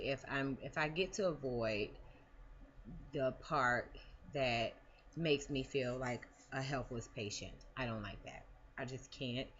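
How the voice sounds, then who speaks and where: A woman's voice: a bass voice, highs cut off, a little hiss or hum. A woman talking casually in a personal vlog, rambling with many fillers and restarts. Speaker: vlogger.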